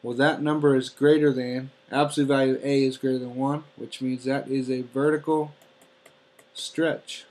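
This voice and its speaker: A man's voice: mid-range voice, little pitch movement, moderate pace, darkish tone. A man teaching an algebra lesson step by step, often checking in with "okay?". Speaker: math teacher. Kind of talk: classroom math lesson.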